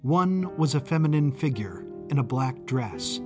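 A male storyteller reading a dark first-person mystery at an unhurried, deliberate pace, his voice moderate in pitch. Faint music plays quietly under his narration, keeping the mood tense. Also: lively intonation. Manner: measured, suspenseful storytelling.

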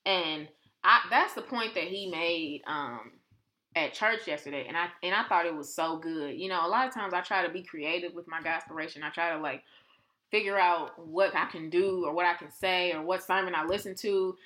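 Co-hosting a podcast, this woman talks about faith in a relaxed, conversational way, bringing energy as she acts out quotes. She has a lowish voice and keeps a moderate pace.

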